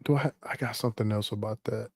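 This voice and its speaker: A man hosting a live stream, talking in a casual, animated, profane and rambling way. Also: lowish voice, fast, no echo, clean studio sound. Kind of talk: casual livestream commentary.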